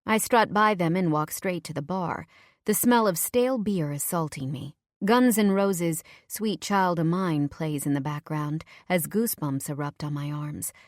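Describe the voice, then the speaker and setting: A woman reading a first-person audiobook in a measured, low-key way. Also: no echo, clean studio sound. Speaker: audiobook narrator.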